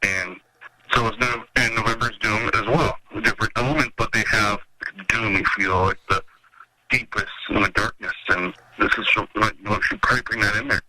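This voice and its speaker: A metal festival organizer from Minnesota, USA, speaks fairly quickly with fairly even intonation and a pushed, bright voice. In a casual interview on noisy radio audio, he tells long, rambling stories and acts out what people said in a higher voice.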